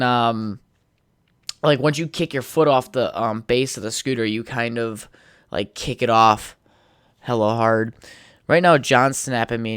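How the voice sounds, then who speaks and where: A man's voice: mid-range voice, a bit bright, clean tone, no echo, studio quality. A tired young man hosting a podcast on his own, telling stories in a rambling, laid-back way with lots of swearing. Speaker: podcast host. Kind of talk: casual solo storytelling. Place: home setup with a podcast mic.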